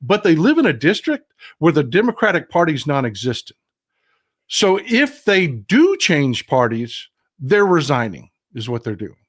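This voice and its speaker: High, lively-voiced male talk host. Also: normal speed. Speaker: livestream show host. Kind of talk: conversational interview.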